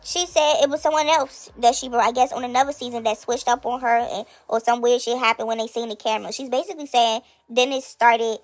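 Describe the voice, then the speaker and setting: A woman with a high, light voice talks through the latest gossip as a commentary host. She recaps in a chatty, disbelieving way. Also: steady tone, brisk, hardly any pauses, soft background music. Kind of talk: casual commentary.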